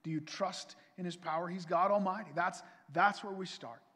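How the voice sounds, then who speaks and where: A man preaching a sermon as pastor, earnest and pleading, his voice swelling louder and then dropping soft. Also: high voice, fairly even intonation, normal speed. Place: church sanctuary. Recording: long reverb from a church hall.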